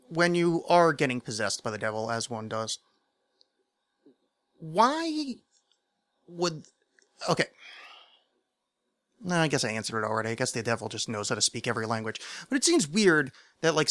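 A man's voice: medium pitch, big pitch swings, fairly quick, fairly bright tone, dry recording. A man hosting his own podcast, rambling along in loose, jokey chatter full of fillers. His voice sits in a middle range and is recorded close and dry, with no room sound. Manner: rambling and self-mocking, many fillers. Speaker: podcast host. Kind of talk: casual solo podcast chat.

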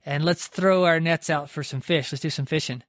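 Brief: a calm, easygoing teacher, as a preacher puts him on, slightly high voice. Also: male voice, normal speed, no room sound, close to an everyday voice. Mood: inviting. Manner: easygoing, inviting. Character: calm grown male teacher, gently insistent.

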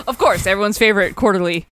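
A woman's voice: medium pitch, fairly bright tone, dry recording. A woman co-hosting a casual podcast, recapping a comic with frequent laughter and acting out characters' lines. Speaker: podcast co-host.

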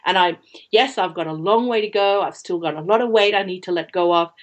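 Woman guest recounting a personal story; animated, emphatic, loves repetition. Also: fairly low pitch, fairly quick. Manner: animated, emphatic, repeats phrases for effect. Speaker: podcast guest.

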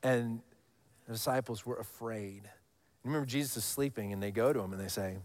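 A man in his thirties preaching a sermon, telling stories with animated highs and dropping to a hush for scripture lines. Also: a little fast. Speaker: pastor.

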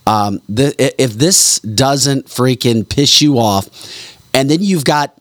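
A man's voice: mid-range voice, slow pace, a bit bright, dry recording, clean studio sound. A man hosting a live political talk podcast, ranting bluntly and heatedly with frequent fillers. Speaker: podcast host.

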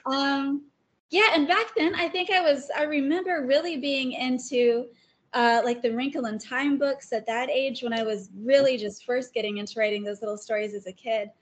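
A woman guest talking casually about her favorite writers, chatty and quick to laugh. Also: high voice, fairly even intonation. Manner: chatty, laughs often, many fillers. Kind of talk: casual interview chat.

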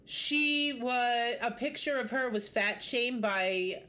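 Slow-talking woman co-host. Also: fairly high pitch, bright, forceful tone. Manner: unhurried storytelling, blunt asides. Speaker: podcast co-host. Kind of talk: casual chat.

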